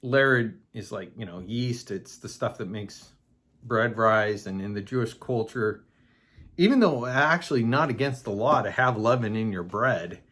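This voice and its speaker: A man's voice: fairly low pitch, a bit bright. A man hosting a casual Bible study podcast, talking loosely with fillers and asides as he explains a passage. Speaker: podcast host teaching the Bible.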